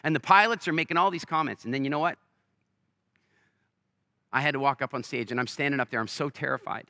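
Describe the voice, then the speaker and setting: A man's voice: mid-range voice, fast, no room sound, studio quality. A man giving a motivational talk on a festival stage, telling stories energetically and acting out the people in them. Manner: energetic storyteller, acts out quoted voices. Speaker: keynote speaker.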